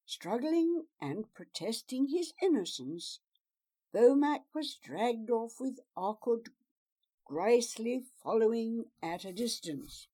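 A woman narrating a story in a measured, expressive reading. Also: on the high side.

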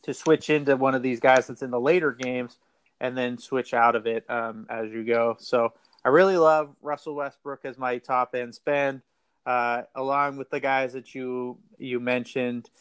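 This fantasy basketball podcast host talks casual sports betting in a clear, resonant, medium-pitched voice with fairly even intonation and no echo. He speaks at a normal speed, rambling and repeating words as he thinks.

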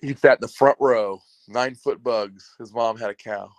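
Jokey co-host with a dry close sound. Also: male voice, medium pitch, moderate pace, dry recording. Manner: jokey, chimes in with quips and anecdotes. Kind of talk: casual discussion podcast.

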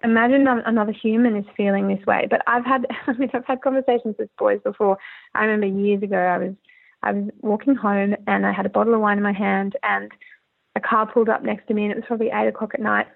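Woman, from Australia, interview guest, earnest, rambling, gravelly, phone-line sound. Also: medium pitch, little pitch movement, quick pace. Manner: earnest, candid, rambling with restarts. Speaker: musician guest. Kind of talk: casual interview talk.

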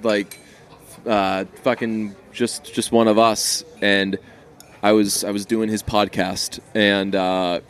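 A man co-hosting a podcast in casual chat, swearing a lot and telling rambling, animated stories. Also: lowish voice, slow pace. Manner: profane, rambling, animated storyteller. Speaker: podcast co-host.

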